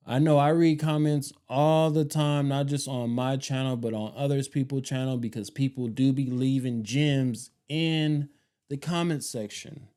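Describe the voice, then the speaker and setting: Male vlog host, 30s, mellow smooth voice, casual rambling delivery with slang. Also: mid-range voice. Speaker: homestead channel host.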